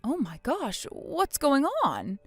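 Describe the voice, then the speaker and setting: A woman voicing a calm, shrewd grandmother who soothes a child and needles her son-in-law. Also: sits high, slow, slightly rough, dry recording, soft background music, pitched above the performer's own voice, exaggerated voice. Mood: caring.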